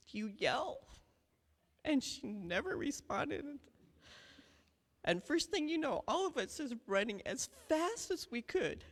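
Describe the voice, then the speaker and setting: A woman giving a heartfelt family eulogy at a memorial, telling stories slowly. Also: high voice, vocal fry. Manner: heartfelt, slow storytelling. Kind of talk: memorial remembrance speech. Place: memorial gathering hall. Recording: long hall reverb.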